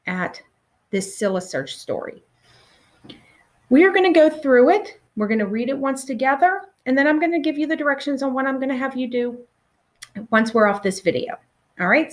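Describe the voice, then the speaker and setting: A woman teacher leading a recorded phonics lesson for children, patient and encouraging, pausing for answers. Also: sits high.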